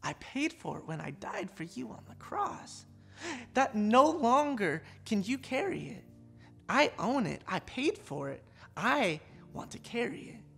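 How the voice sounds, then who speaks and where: A woman voicing Jesus as a gentle, earnest man who speaks insistently. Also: fairly high pitch, sing-song, unhurried, creaky, husky, soft background music, pitched above the performer's own voice, full character voice.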